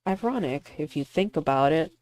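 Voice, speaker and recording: A woman playing through a visual novel, reading the narration and adding animated, laughing commentary. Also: low voice, normal speed, faint music behind. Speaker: streamer voicing a visual novel.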